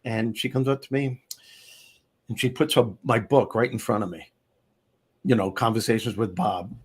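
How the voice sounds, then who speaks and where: An older man hosting a casual talk show, telling stories in an animated way and acting out the people in them. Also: medium pitch, normal speed, slightly rough. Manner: animated storyteller, acts out characters. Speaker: host.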